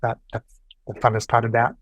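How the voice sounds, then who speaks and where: A man's voice: medium pitch, fairly quick, dry recording, muffled recording. A young man, guest on a podcast, telling a personal story casually and acting out quoted lines. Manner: animated, acts out quoted dialogue.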